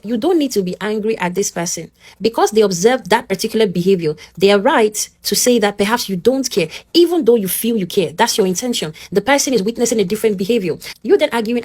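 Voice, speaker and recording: A woman with a Nigerian English accent teaches in an earnest, direct way. She speaks at a middling pitch for a woman and keeps checking in with the listener. It is a motivational lesson delivered straight to the listener. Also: lively intonation, a little fast, a little mellow, breathy edge.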